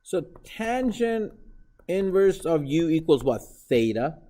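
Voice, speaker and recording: A man's voice: fairly high pitch, very animated, slow pace, warm tone. A man teaching math in a classroom, lecturing live and teasing his students with jokes.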